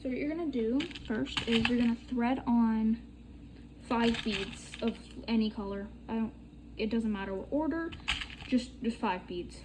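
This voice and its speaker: A woman's voice: a little high, normal speed, background noise. A young woman chatting casually while demonstrating a bead craft, rambling and swearing freely. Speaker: crafting tutorial vlogger.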